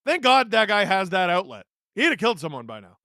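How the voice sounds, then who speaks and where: A man with a high, bright, forceful voice runs a live watch-along stream, cracking sarcastic jokes and reading viewer questions. The sound is dry and close, with no room echo. His banter is quick and joking. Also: big pitch swings. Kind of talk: casual watch-along commentary, reading chat.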